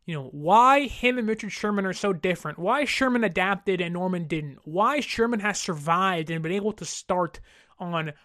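A woman in her thirties hosting a sports podcast, ranting in an exasperated, animated way with mocking mimicry. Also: mid-range voice, no echo, clean studio sound. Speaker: podcast host. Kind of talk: casual sports podcast rant.

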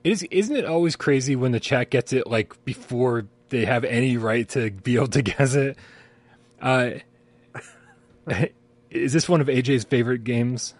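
A man of medium pitch speaks at a moderate pace while co-hosting a live gaming stream, podcast-style. He rambles, swears in a relaxed way and laughs often, with sirens outside.

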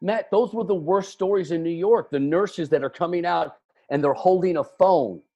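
A man with a Kentucky accent, a radio DJ, talks as a guest over a video call. His voice sits somewhat high for a man, and he talks animatedly, mocking himself and stammering as he restarts. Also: moderate pace, muffled recording. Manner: animated, exclamatory, self-deprecating, stammering restarts. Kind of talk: casual video-call conversation.

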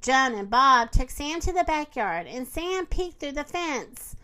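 A woman reading a children's picture book aloud in a slow, expressive, sing-song way. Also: high-pitched. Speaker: storyteller.

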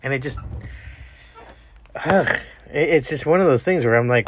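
A man's voice: medium pitch, moderate pace, slight background noise. A man hosting a podcast, telling a rambling, profane story in a casual monologue. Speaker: podcast host.

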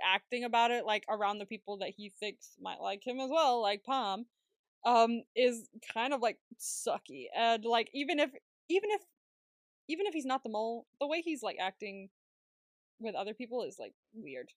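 A woman co-hosting a podcast, chatting casually in an animated way, laughing often and swearing freely. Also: on the high side, normal speed, no room sound, clean studio sound. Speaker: podcast co-host. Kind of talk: casual recap chat.

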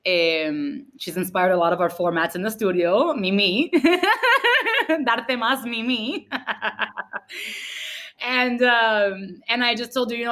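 A Cuban-American woman hosting a podcast, telling stories in an animated way and mixing Spanish into her English. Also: a little high, takes it slowly, long pauses. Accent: Cuban-American Miami. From Cuba, raised in Miami. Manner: animated, mixes Spanish into English, lively storytelling. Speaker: podcast host. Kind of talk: casual chat.

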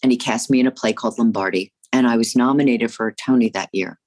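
A woman's voice: a bass voice, quick pace, a crowd in the background. A woman from New Jersey, a stage and screen actress, talking expressively and emphatically in a casual interview. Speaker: actress, guest.

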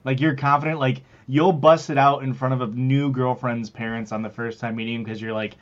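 Brief: rambling, jokey podcast host, dull lo-fi mic. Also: male voice, mid-range voice, level tone, a little fast. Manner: rambling, jokey, plugs the show. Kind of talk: casual podcast chat. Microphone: wrong mic picked by the recording software.

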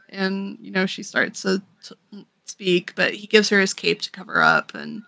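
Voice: medium pitch, huge pitch swings, a little slow, vocal fry, pushed and bright, dry recording. A young adult podcast co-host casually recapping a story, talking in a chatty, filler-heavy way with frequent laughs.

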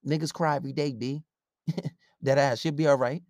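A man's voice: mid-range voice, fairly even intonation, brisk, a little mellow, dry recording, clean studio sound. A man delivering a blunt, profane advice rant in a confrontational way. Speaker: relationship advice commentator. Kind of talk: ranting advice monologue.

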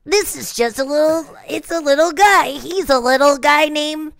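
Squeaky little cartoon critter, a woman putting it on. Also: moderate pace, creaky, fairly bright tone, dry recording. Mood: cutesy. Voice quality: squeaky kid's voice. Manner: cutesy, playful. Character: squeaky little male cartoon dog and squirrel. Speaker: podcast co-host.

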